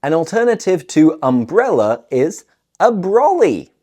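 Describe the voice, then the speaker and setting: Northern english woman teaching slang, low mellow voice, slow and clear. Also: sing-song. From north of England. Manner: clear, deliberate teacher delivery, acting out example phrases. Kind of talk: scripted language lesson.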